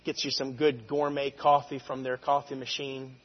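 A man preaching a sermon, moving between conversational asides and loud, drawn-out shouted lines of scripture. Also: medium pitch, monotone, big-room sound, lo-fi sound.

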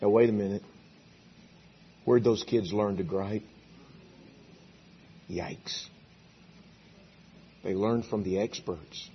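A man's voice: lowish voice, steady tone, slow pace, long pauses, lo-fi sound, slight background noise. A male preacher giving a folksy, story-filled sermon, acting out characters in a church auditorium.

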